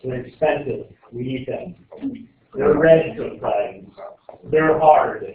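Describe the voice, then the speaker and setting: A man's voice: mid-range voice, slow pace, a little hiss or hum. A male teacher running a casual exam review, joking and quizzing his students as he rambles. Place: classroom. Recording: echoey classroom on tinny lo-fi audio.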